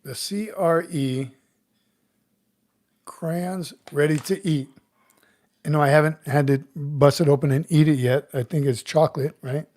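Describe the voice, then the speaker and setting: Mellow-voiced middle-aged man chatting casually. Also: a little high, a little slow, long pauses. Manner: relaxed, chatty, chuckles often, greets viewers by name. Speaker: livestream host, retired Marine sergeant major. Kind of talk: casual livestream chat reading comments.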